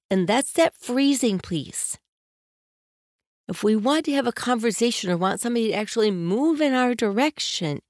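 Earnest woman coaching in a gentle tone. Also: a little high, no echo, studio quality. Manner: gentle, earnest, coaching; varies her tone on purpose. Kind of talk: spoken self-help lesson.

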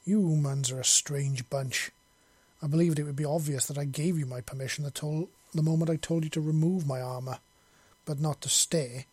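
A man voicing a fierce, commanding alien warrior woman who speaks in a stern, domineering and halting way. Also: on the high side, steady tone, darkish tone, husky, dry recording.

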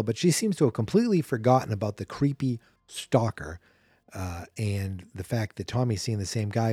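Male podcast host, dry close mic, mellow tone, loose self-correcting movie recap. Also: lowish voice, lively intonation, normal speed, husky, no room sound. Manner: rambling, chatty, self-correcting. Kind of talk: casual movie recap commentary.

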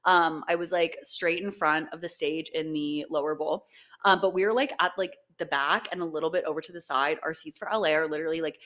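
A woman's voice: low voice, brisk, a bit bright. A young woman co-hosting a podcast in casual chat, gushing and swearing freely, with lots of "like" and "um". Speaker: podcast co-host.

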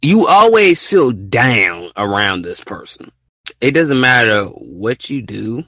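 A man's voice: mid-range voice, very animated, takes it slowly, pushed and bright, dry recording. A young man hosting a casual solo podcast, rambling and repeating himself as he acts out text conversations. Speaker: podcast host.

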